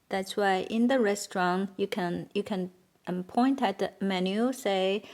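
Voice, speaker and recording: Speaking in a mid-range voice with a darkish tone, a woman leads a beginner language lesson. She's a native Chinese speaker with a Chinese accent who repeats words slowly and patiently for her learners.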